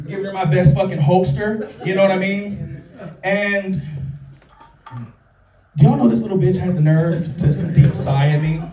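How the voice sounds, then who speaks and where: A man from California doing a stand-up comedy set at a live show, telling stories in an animated, profane way. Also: high-pitched, normal speed, long pauses. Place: live show at a small local art venue. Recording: roomy, distant mic, audience laughter.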